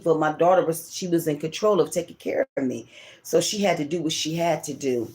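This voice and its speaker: A woman's voice: deep voice, brisk, a little mellow. Middle-aged woman telling her own story, emotional, rambly, keeps repeating herself. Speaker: tarot reader and channel host. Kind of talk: personal storytelling to camera.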